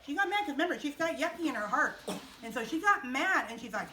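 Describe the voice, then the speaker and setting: A woman chapel teacher telling a Bible story to children, animated and asking them questions along the way. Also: high-pitched, quick pace, slight background noise. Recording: echoey room from far off.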